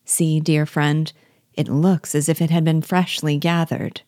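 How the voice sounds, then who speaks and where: A woman reading aloud as a gentle, innocent young woman, with calm and reassuring speech. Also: sits low, measured pace, dry recording, studio quality. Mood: astonished.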